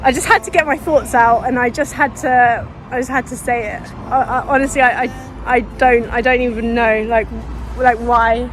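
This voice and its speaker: A woman's voice: fairly high pitch, fairly even intonation, moderate pace, soft background music. A woman vlogging while running on a street, out of breath with a dry mouth, talking into a phone she holds, rambling and earnest. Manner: rambling, earnest, restarts often. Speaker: fitness vlogger. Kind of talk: casual vlog while running. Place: outdoors on a street. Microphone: phone held in hand.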